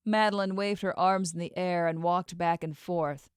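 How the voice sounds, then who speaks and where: A woman narrating a novel as an audiobook in an even, measured reading. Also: on the low side, clean tone, no room sound, clean studio sound. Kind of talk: scripted narration.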